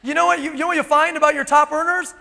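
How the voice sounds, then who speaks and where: A man with a very high, bright, forceful voice drives a live motivational keynote and pushes the crowd with rhetorical questions. His words ring out with a long reverb from the big event hall. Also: very fast, gravelly. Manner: energetic, emphatic, with rhetorical questions. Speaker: motivational speaker. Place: large event hall on stage.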